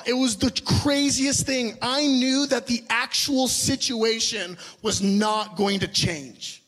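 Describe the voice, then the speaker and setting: Young guy pastor with a high voice, earnest sermon storytelling, keeps asking the crowd stuff. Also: creaky, fairly bright tone. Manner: earnest storytelling with audience questions.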